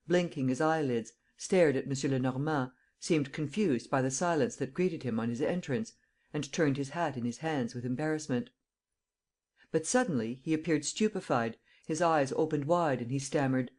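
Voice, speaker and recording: An audiobook narrator giving a steady, even scripted narration of a classic mystery novel. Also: mid-range voice.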